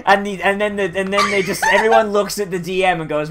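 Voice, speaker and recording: A man's voice: sits high, fast, few pauses, over loud music. A man streaming a game, telling a story in a rambling, swearing, filler-heavy casual chat.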